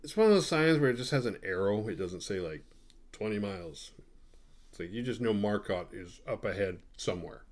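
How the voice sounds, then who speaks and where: A man's voice: on the low side, lively intonation, brisk. A young man recapping a horror movie in a casual, crude, joking way and acting out the characters' lines. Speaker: movie podcast host.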